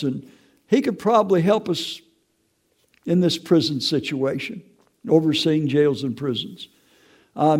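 A man's voice: sits high, vocal fry, warm tone. An older man telling his Christian testimony in a folksy, preacherly way, often tagging his lines with "okay?". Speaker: testimony speaker.

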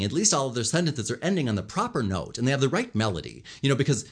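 A communication coach with a slightly rough, medium-pitched voice talks at a quick pace with few pauses, giving instructional commentary on speaking. He covers body language and vocal melody, animatedly acting out different tones and gestures as examples.

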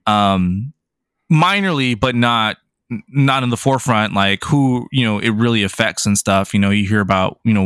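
Lower-voiced man, hesitant podcast co-host, dry close sound. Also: a bit bright, no echo. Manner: hesitant, many fillers. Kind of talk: casual chat.

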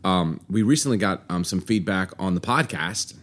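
Lively, low-voiced jokey man. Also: normal speed. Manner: jokey, teasing, lots of ums and laughs. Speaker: podcast co-host. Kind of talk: casual chat.

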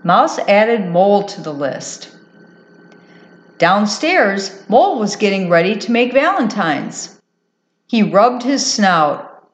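A woman's voice: mid-range voice, animated, takes it slowly. Lilting woman reading a children's book. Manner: warm, encouraging, lilting. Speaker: host and storybook reader. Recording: roomy echo.

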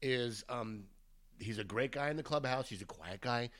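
A man's voice: mid-range voice, moderate pace, fairly bright tone. A man co-hosting a podcast in loose, chatty talk that drifts off track. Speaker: podcast co-host. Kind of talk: casual chat.

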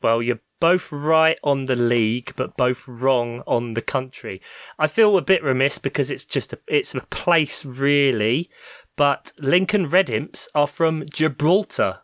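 A man's voice: medium pitch, unhurried, no room sound, studio quality. A man hosting a casual podcast football quiz, reading out answers in a playful, teasing way. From England. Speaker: quiz host.

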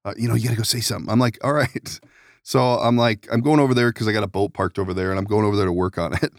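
A man's voice: lowish voice, steady tone, fast talker, dry recording, clean studio sound. A man hosting a podcast, telling rambling stories in casual chat, laughing often and swearing. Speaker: podcast host.

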